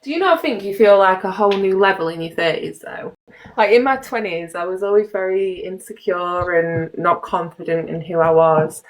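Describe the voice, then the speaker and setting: A woman's voice: mid-range voice, moderate pace. A woman in her thirties hosting a live stream, chatty and casual with some swearing. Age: 30s. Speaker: livestream host.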